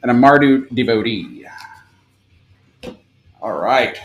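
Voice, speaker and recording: A man hosting a casual live stream, rapidly listing names and breaking into excited outbursts and curses. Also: mid-range voice, muffled recording. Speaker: live stream card seller.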